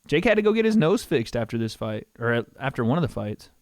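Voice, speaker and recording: A man's voice: medium pitch, very animated, quick pace, no room sound, clean studio sound. A man co-hosting a podcast, casually breaking down old fight footage and calling out punches with little sound effects.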